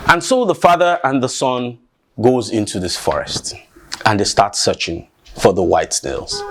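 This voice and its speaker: A man telling a family folk tale in a conversational way and then drawing its lesson. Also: mid-range voice. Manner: conversational, acts out voices, draws the lesson. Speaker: storyteller. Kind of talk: oral storytelling with a moral.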